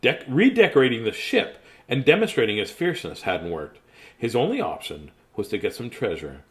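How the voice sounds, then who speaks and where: A man's voice: medium pitch, very animated, normal speed. A man reading a children's picture book aloud. He laughs often and breaks off into chatty asides. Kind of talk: casual storybook reading.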